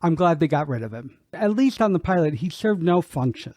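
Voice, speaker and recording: Mellow higher-voiced man, dry sound. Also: sing-song, a little fast, no room sound. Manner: easygoing, thinks aloud with fillers. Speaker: podcast co-host. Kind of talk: casual podcast chat.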